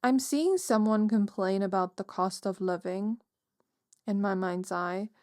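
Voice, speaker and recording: A woman's voice: medium pitch, a little slow, darkish tone, dry recording, studio quality. A woman giving a casual pick-a-card tarot reading, musing aloud with many fillers. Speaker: tarot reader.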